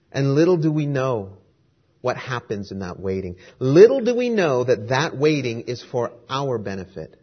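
A male preacher delivers an emphatic sermon, hammering each point with rhetorical repetition. His voice is husky and mid-pitched. The recording sounds dull and lo-fi. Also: big pitch swings, normal speed.

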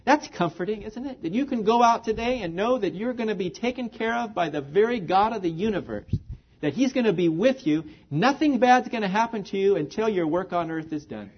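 High-voiced earnest man preaching. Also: expressive, a little fast, breathy edge. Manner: earnest preaching with rhetorical questions. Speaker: pastor. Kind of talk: sermon. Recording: dull lo-fi recording.

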